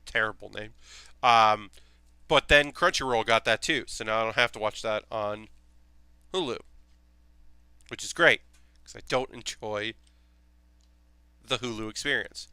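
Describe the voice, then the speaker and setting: A young man chats casually to his stream while building, rambling enthusiastically with lots of ums and offhand swearing. His medium-pitched voice is bright and crisp, and the sound is dry with no room echo.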